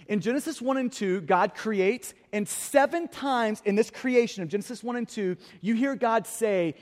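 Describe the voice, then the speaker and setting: A man's voice: high voice, fairly quick, darkish tone, long reverb tail. A man preaching a sermon as pastor, earnest, often repeating the first word of a phrase. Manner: earnest, repeats words when starting phrases. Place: church hall.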